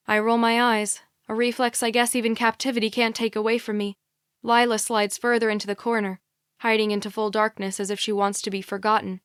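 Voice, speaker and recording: A woman narrates a thriller in the first person, tense and earnest, with a fairly high voice. The recording is dry and close, made on a studio mic. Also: flat delivery, a little fast, smooth, no room sound. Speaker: audiobook narrator.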